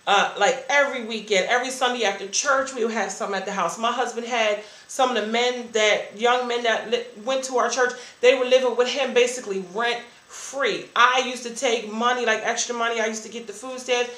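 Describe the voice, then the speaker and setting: A woman's voice: on the high side, steady tone, fairly quick, hardly any pauses, fairly bright tone, reverberant, poor audio. A woman giving a candid, earnest personal testimony about her church life. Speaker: church member sharing a testimony.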